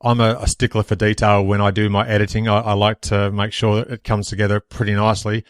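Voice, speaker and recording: A man's voice: on the low side, level tone, fast talker, smooth, dry recording, studio quality. A man hosting an interview, asking long, earnest questions. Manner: earnest, wordy questioning with fillers. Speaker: podcast host.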